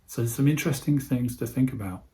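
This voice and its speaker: A man giving an instructional talk on voice techniques, speaking in a calm, measured way and slowing his speech with deliberate pauses. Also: medium pitch. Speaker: presenter teaching voice techniques to healthcare staff.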